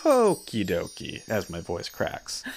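A man's voice: low voice, huge pitch swings, slow, noisy background. A man hosting a casual podcast chat, talking in a loose, chatty way with rambling asides. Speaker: podcast host.

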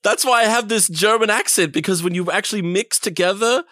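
A man's voice: sits high, fairly quick, bright, forceful tone, dry recording, studio quality, voice pushed up. A man doing a whiny, easily offended young man.

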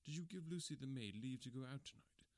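A man reading the lines of an anxious young woman who gently questions her father in an audiobook. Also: mid-range voice, fast talker, no echo, close to an everyday voice. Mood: worried.

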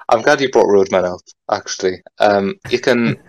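A young man with a thick Geordie accent talks in a very low, easygoing voice, full of fillers and the odd swear. He sounds dry and close to the mic. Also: normal speed, a little mellow, no room sound, dull audio. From North East England. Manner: laid-back, rambling with many fillers and some swearing. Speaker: podcast guest. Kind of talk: casual chat.

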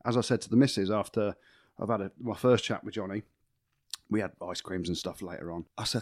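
A man's voice: fairly low pitch, fairly quick, no echo, studio quality. A man co-hosting a rugby podcast in casual banter, telling jokey stories and swearing. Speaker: podcast co-host.

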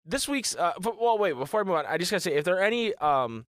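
Animated man hosting a podcast. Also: sits high, fast talker, no echo, clean studio sound. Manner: animated, swearing, mimics singers. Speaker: podcast host. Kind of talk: casual chat.

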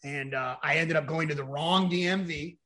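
Male guest, higher-than-average bright voice, candid storyteller who rambles and swears. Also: normal speed. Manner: rambling, frank, swears, acts out quoted dialogue. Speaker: podcast guest.

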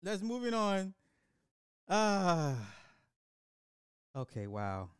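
A man's voice: sits high, very animated, extremely slow, smooth, dry recording, studio quality. A man ranting casually to his viewers in a movie review, swearing freely and laughing often between lines. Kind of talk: casual profane rant to camera.

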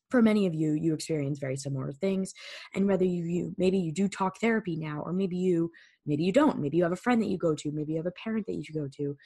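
On her solo podcast, recorded on a studio microphone, a woman speaks with a fairly low, darkish, breathy voice. Her talk is frank and laid-back, full of swearing and repeated words for emphasis.

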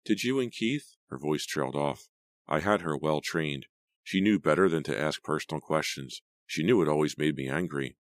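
A man narrating an audiobook in a measured, even storytelling manner. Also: very deep voice, no echo, clean studio sound. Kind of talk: scripted narration.

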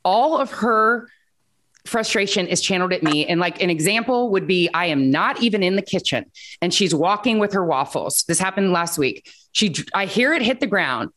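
A woman, a mother seeking parenting advice in a casual chat, candid and quick to laugh at herself while quoting her kids. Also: lowish voice, animated, fairly bright tone.

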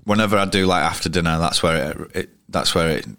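He talks fast in a low voice with fairly even intonation and a fairly bright tone. A Yorkshire cricketer interviewed in a pub, he tells casual stories that are rambling, blunt, and full of restarts.

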